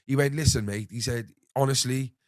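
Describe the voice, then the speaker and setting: A young man hosting a podcast, telling an animated story full of swearing and acting out what others said. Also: medium pitch, brisk, dry recording, studio quality. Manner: animated anecdote-telling, swears freely, acts out others' lines. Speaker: podcast host. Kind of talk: casual storytelling chat.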